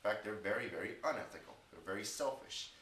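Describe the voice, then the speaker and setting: A man's voice: lowish voice, lively intonation, quick pace, sharp tone, distant mic, slight background noise. A man chatting casually in a rambling vlog, with stretches of frustrated ranting. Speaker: English teacher vlogger. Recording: echoey room, off-mic at times.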